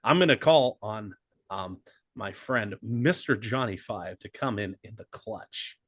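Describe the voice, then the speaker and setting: A man co-hosting a podcast in casual chat, emphatic and excitable, swearing freely. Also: fairly low pitch, a little slow, no echo, studio quality. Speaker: podcast co-host.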